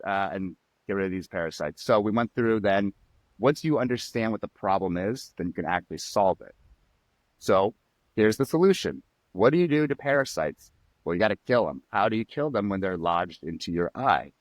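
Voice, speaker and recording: A man telling personal stories as a podcast guest, animated and acting out quotes. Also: on the low side, moderate pace, dry recording. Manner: animated storyteller, acts out quotes and sound effects. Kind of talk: storytelling in a podcast interview.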